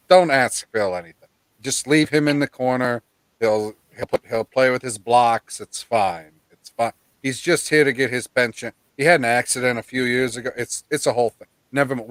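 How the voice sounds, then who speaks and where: Man, live stream host, casual animated rant, swearing, mock quotes, middle pitch, dry close sound. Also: unhurried, dry recording, poor audio.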